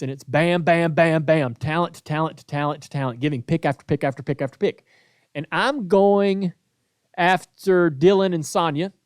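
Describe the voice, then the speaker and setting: Male podcast host, casual storyteller, slightly high voice, dry studio sound. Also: dry recording. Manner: animated storytelling, acts out quoted voices.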